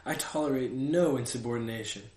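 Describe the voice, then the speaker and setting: A man's voice: mid-range voice, fairly quick, a little mellow, reverberant, distant mic, lightly acted. A man reading aloud, voicing a pompous absolute king who speaks in grand, commanding declarations.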